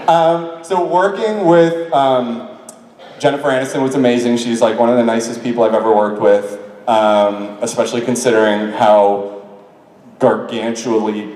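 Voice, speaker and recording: A man's voice: medium pitch, darkish tone, distant mic. A man from New York answering fan questions on a convention panel, chatty and self-deprecating, laughing often. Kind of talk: casual convention Q&A. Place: large convention hall with audience. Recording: echoey convention hall through a PA, heard from afar.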